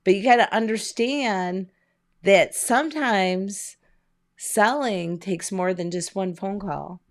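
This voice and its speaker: Energetic woman coaching in rhetorical questions. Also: medium pitch, takes it slowly. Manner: energetic, conversational, asks many rhetorical questions. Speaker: business coach. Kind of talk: motivational online coaching talk. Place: home.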